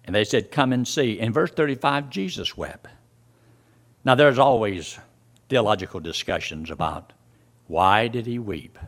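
A man's voice: lowish voice, lively intonation, unhurried, fairly bright tone. A man preaching a sermon, reading scripture verses aloud and explaining them to his listeners. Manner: reads scripture aloud and explains it, voice rising and dropping sharply.

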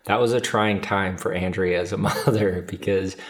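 A man co-hosting a podcast, an adoptive father speaking in an earnest, measured way with some repeated words. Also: low-pitched, fairly even intonation. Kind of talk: reflective conversation.

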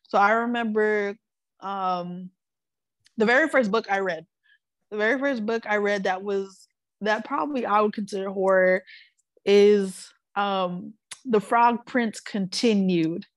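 A woman's voice: medium pitch, measured pace, dry recording. A woman co-hosting a podcast in casual chat, talking loosely with lots of fillers and frequent laughter. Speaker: podcast co-host.

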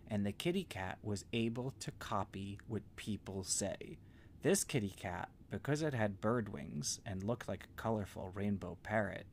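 A man with a low, gravelly voice tells a meandering bedtime story in simple childlike words. His delivery is gentle and unhurried, and a faint hiss sits under the recording.

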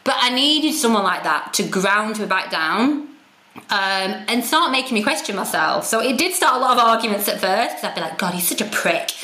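A woman's voice: a little high, animated, normal speed, pushed and bright. A woman, a podcast guest, telling her story candidly, frank and self-deprecating with plenty of swearing. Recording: roomy echo.

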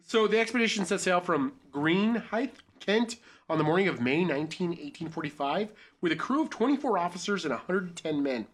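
A man's voice: high voice, animated, a little fast. A young man hosting a podcast, reading a story aloud and joking crudely along the way. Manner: crude, joking, riffs off the script.

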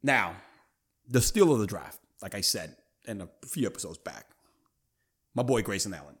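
A man hosting a sports talk show, his pitch swinging up and down as he makes his points. He talks emphatically and leans on casual slang. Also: normal speed, husky. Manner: animated, emphatic, street slang. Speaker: podcast host.

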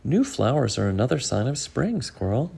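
A man doing a calm, patient storybook bird. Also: medium pitch, normal speed, creaky, husky, heavily acted. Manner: calm and explaining. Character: patient, kindly bird friend.

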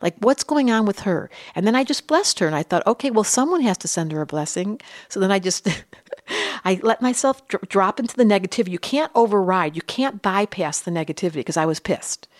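An older woman talking in a casual podcast chat, animated and expressive, slipping into other voices when she tells a story. Her voice is recorded close and dry, with almost no room sound. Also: medium pitch, brisk, no room sound. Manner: animated storyteller, acts out quotes. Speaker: astrologer guest.

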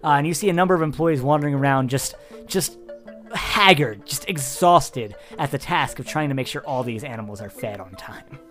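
A man's voice: medium pitch, moderate pace, a bit bright. A man narrating as game master of a tabletop game, rambling with restarts and laughs. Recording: dry close mic with faint music.

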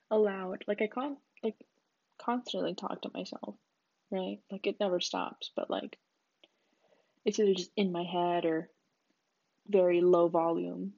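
A woman's voice: medium pitch, creaky, dark tone, husky, no room sound. A young woman rambling in a casual solo chat, giggly and full of fillers, on a dull lo-fi recording. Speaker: podcast host.

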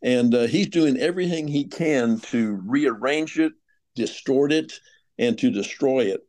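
Older man speaking earnestly in a mellow voice. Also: mid-range voice, unhurried. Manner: earnest, exhorting. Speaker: podcast guest. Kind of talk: earnest ministry talk. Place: remote call.

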